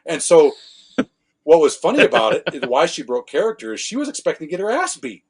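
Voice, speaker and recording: A man, a former law enforcement officer, tells animated stories on a podcast, acting out quotes and correcting his own swearing. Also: a little high, brisk, slightly rough. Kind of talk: casual storytelling conversation.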